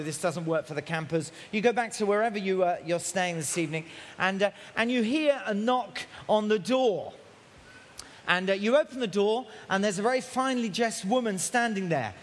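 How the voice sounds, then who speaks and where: Male preacher, high pitch, outdoor camp sermon delivered at a shout, long reverb. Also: slight background noise. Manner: shouting loudly to carry in the rain.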